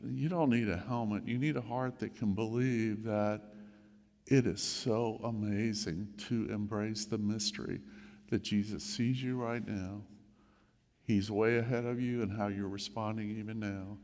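A man's voice: fairly low pitch, darkish tone. Older male pastor preaching, reverberant hall. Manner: conversational, storytelling preacher. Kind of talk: sermon.

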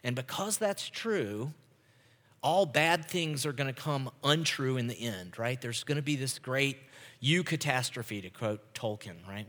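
A man's voice: mid-range voice, a bit bright. A male pastor giving a conversational sermon, often checking in with the congregation with "right?". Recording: long hall reverb.

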